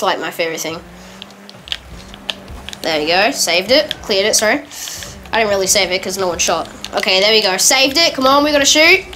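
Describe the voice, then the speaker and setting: Laughing frequently and fixing her slips right away, a woman gamer offers lively, relaxed commentary while she plays. Her voice sits mid-range, and a little noise can be heard in the background.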